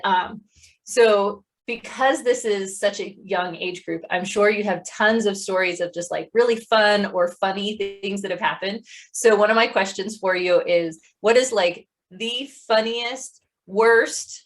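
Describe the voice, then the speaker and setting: A woman's voice: mid-range voice, unhurried. A woman hosting an interview podcast, asking questions in an easygoing, conversational way. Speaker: podcast host. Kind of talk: casual interview chat.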